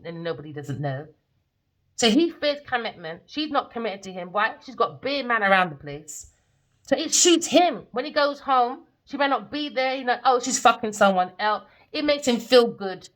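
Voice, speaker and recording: A woman giving a tarot reading as a profane, scornful rant, swinging between loud outbursts and low mutters. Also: lively intonation, normal speed, poor audio. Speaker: tarot reader.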